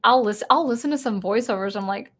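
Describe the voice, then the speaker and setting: A woman's voice: fairly high pitch, a little fast, a bit bright. Rambling woman hosting a casual live stream. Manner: rambling, many restarts and self-corrections; chatty and reading viewer comments aloud.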